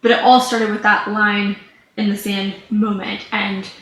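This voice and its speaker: A woman's voice: mid-range voice, flat delivery, a little slow, a bit bright. A woman in her thirties, a business coach, telling a personal story to camera in a candid, rambling way with lots of "like" fillers. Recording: echoey room with faint background hum.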